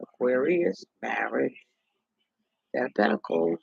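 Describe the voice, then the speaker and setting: A man's voice: sits high, very animated, unhurried, vocal fry, fairly bright tone, breathy edge, dry recording. A man in a rambling, indignant gossip monologue, talking to himself. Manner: chatty, indignant, talks to himself. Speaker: vlogger. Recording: dull lo-fi dry recording.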